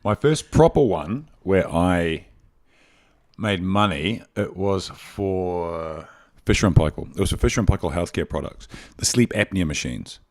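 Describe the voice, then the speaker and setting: A man, a podcast host and voice actor, telling rambling, excitable stories in casual chat. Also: low voice, a little slow.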